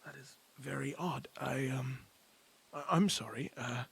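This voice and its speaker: A man voicing a breathy, apologetic old gardener. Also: medium pitch, a bit bright, full character voice. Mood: flustered tearful. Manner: halting, apologetic. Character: gentle, sorrowful older male gardener. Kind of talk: tabletop role-play.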